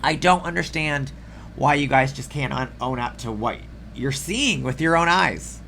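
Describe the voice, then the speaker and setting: A man delivering an opinionated video commentary in a sarcastic, profane, exasperated rant, with a slightly rough throat. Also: mid-range voice, lively intonation, measured pace, bright, forceful tone, a little hiss or hum. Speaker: political commentary host.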